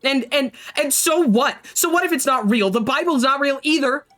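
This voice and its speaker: A woman's voice: high-pitched, normal speed, a bit bright, faint music behind, pitched above the performer's own voice. An earnest, hurt young woman artist, voiced by a woman reading a game aloud. She stammers and restarts when flustered, her voice lifted a little above normal. Defensive but sincere.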